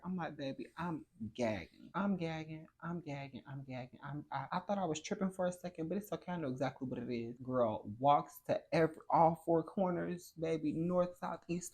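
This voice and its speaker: Husky, mid-range storyteller who tells it big and slangy, voicing their own reactions. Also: mid-range voice. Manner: animated, dramatic storytelling with slang; acts out own reactions in a raised voice. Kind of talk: casual storytime.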